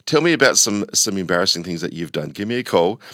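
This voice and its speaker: Middle-aged male radio host, animated storyteller, bright tone, close dry studio mic. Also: fast, no room sound. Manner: animated storytelling, voice jumping high when embarrassed. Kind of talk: casual radio chat. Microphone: studio microphone.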